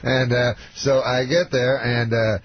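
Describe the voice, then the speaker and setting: A man from Canada, a comedian guest, telling a rambling deadpan story on a radio show with lots of fillers and restarts. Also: mid-range voice, a little slow, lo-fi sound, a little hiss or hum.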